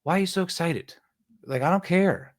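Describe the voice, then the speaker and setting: A man's voice: high-pitched, moderate pace. Sarcastic rambling podcast host, a man. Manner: sarcastic, rambling, mocking quoted voices. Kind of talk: casual solo commentary.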